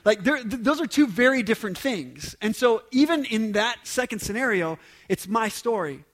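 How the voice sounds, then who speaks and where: A man giving a sermon as pastor, in an emphatic, conversational preaching manner with quieter asides. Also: high-pitched, expressive, moderate pace.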